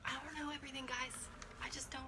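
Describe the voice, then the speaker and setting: A woman's voice: high-pitched, flat delivery, quick pace, background noise. A young woman, a mother, chatting casually through a beauty kit unboxing, thinking aloud and correcting herself as she reads viewer comments.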